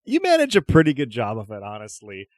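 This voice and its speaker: A man narrating a tabletop game as game master, describing scenes in a relaxed way with frequent fillers. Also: mid-range voice, quick pace, dry recording, studio quality.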